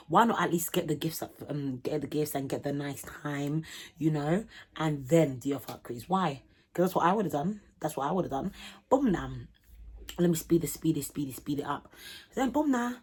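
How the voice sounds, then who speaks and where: A young woman telling a vlog storytime in animated, slangy talk, acting out the people in it. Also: sits low, moderate pace, breathy edge. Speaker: vlogger.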